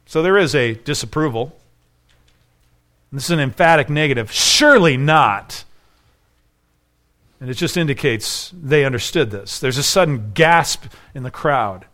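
A man's voice: medium pitch, expressive, normal speed, a bit bright. A man preaching an expository sermon as pastor, emphatic and full of rhetorical questions.

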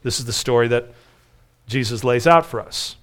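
A middle-aged man preaching a sermon, telling a story with animated voices for the figures. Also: mid-range voice, moderate pace. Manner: animated storytelling, acts out dialogue. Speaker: pastor.

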